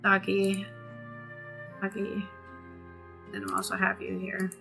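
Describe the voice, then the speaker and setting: A woman's voice: mid-range voice, completely flat delivery, slow pace, creaky, pushed and bright, faint music behind. A woman streaming a video game, chatting casually and reading the game's text aloud. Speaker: gaming streamer.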